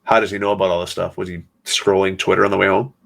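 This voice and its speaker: A man hosts his own podcast in a low, gravelly voice with a lot of vocal fry. He talks solo, somber and sarcastic, stopping often mid-thought. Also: little pitch movement. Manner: somber, sarcastic commentary with many pauses. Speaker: podcast host.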